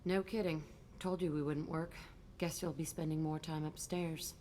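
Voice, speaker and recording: A woman's voice: deep voice, steady tone, normal speed, warm tone, in a large hall, slight background noise, lightly acted. A woman voicing a blunt, bitter young fighter. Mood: curt. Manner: blunt, curt and defiant. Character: hardened, bitter young woman fighter with a chip on her shoulder. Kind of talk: video game dialogue.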